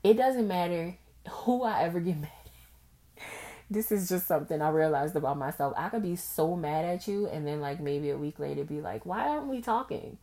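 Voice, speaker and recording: A young woman hosts a solo podcast. She talks candidly and expressively. She acts out old conversations in a raised, animated voice. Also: low-pitched, moderate pace. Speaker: podcast host. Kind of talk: casual solo podcast monologue.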